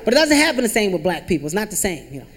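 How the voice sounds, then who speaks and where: A young adult man doing a stand-up comedy set, animated, acting out family scenes in shifting voices. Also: high voice, rapid-fire. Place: comedy club stage before a live audience. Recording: live club recording with loud crowd and noise. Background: audience laughter.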